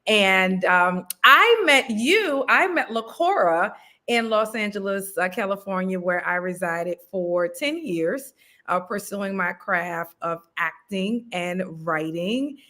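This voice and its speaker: A woman's voice: mid-range voice, lively intonation, slow, pushed and bright. A woman, a writer and actor, chatting casually as an interview guest with frequent ums. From New Orleans.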